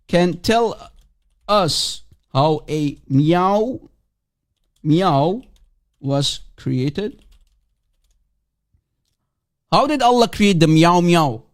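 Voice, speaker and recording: Male stream host, taunting and playful, fairly high voice that swings widely. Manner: mocking and provocative, repeats and teases. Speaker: livestream host. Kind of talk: casual livestream chat taking guests.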